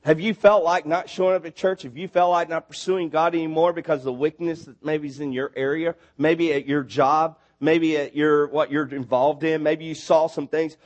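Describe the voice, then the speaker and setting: A man preaching in church, his voice pitched high for a man. He is animated and conversational, building to loud, emphatic peaks when he drives a point home. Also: normal speed, few pauses. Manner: animated, rising to near shouts when stressing a point. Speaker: missionary preacher. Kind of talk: sermon.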